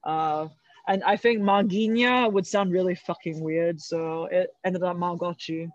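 A woman's voice: on the low side, steady tone, measured pace, dry recording, lo-fi sound. Woman, interview guest, rambling, lots of fillers, dry recording. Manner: rambling, many fillers, laughs often. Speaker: guest, jiu-jitsu athlete. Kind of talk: casual podcast interview.

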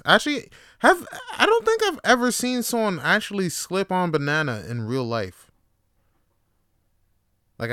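A man hosting his own show, giving a rambling comic monologue full of swearing and deadpan asides. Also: mid-range voice, clear, resonant tone, no echo, studio quality. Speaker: podcast host and comedian. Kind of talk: casual comedic monologue.

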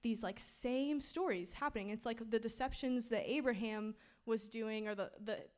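A woman's voice: fairly high pitch, moderate pace, darkish tone. A young woman giving a casual, playful sermon in a church setting, retelling Bible stories in chatty speech full of "like" and laughter. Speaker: speaker giving a church talk.

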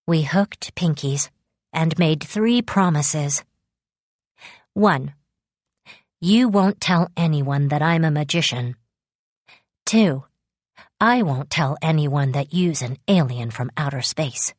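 Woman, audiobook narrator, first-person novel, slow, gentle, breathy, lowish voice. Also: no room sound. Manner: unhurried, gentle storytelling.

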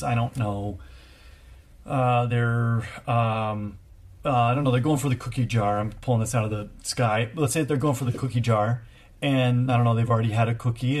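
A man in his thirties co-hosting a casual chat, giving parenting advice in an earnest, thoughtful way with frequent halting restarts. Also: mid-range voice, darkish tone. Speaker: co-host, parent.

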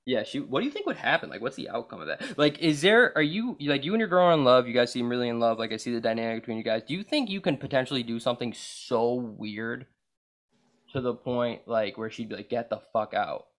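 A young man hosting a podcast in loose casual chat, crude and rambling, calling his guest bro and dude. His voice sits at a middling pitch for a man, and he jumps from one joke to the next. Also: big pitch swings, fast, a bit bright. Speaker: podcast host.

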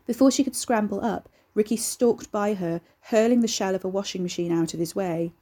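Mellow, husky woman reading an audiobook. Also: fairly low pitch. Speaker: narrator. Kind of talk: audiobook narration.

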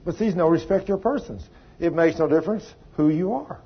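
Husky folksy man preaching. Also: a little high, quick pace, dull audio. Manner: folksy and emphatic, with sudden exclamations. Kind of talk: sermon with storytelling.

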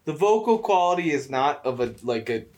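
A man's voice: a little high, normal speed. A man co-hosting a podcast, talking casually about a film in a loose, rambling way with lots of "like" fillers. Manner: relaxed, rambling, many "like" fillers. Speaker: podcast co-host. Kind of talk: casual chat.

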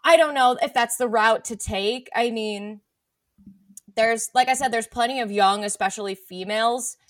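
A woman co-hosts a casual podcast chat, rambling, saying "like" constantly and trailing off mid-thought. Her voice is on the high side and her pace moderate. The studio recording is clean, with no room sound.

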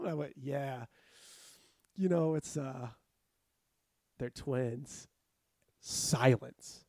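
A young man telling a story in casual chat, animated and laughing often as he acts out quotes. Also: mid-range voice, takes it slowly, pauses often, dry recording, studio quality. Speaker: podcast co-host.

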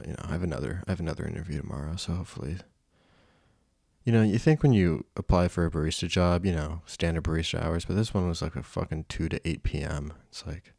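A man's voice: sits low, gravelly, darkish tone, dry recording, studio quality. A young man hosting a casual solo podcast, rambling and self-deprecating, swearing often. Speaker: podcast host.

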